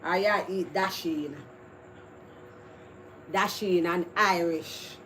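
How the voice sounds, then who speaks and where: A woman's voice: fairly low pitch, slow pace, a bit bright. A Jamaican woman hosting a casual live stream, chatting with viewers in a rambling, chatty way that is full of laughs. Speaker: livestream host. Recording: noisy background ambience.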